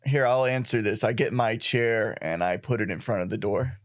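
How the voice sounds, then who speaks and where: A man's voice: fairly low pitch, normal speed, no room sound, studio quality. A man playing a tabletop game in character, joking, brash and swearing freely. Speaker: player.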